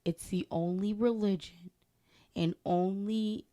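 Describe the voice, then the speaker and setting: A woman's voice: medium pitch, fairly even intonation, slow pace, mellow. A young adult woman co-hosting a podcast, chatting casually in a slangy, laid-back way and laughing often. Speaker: podcast co-host. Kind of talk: casual chat.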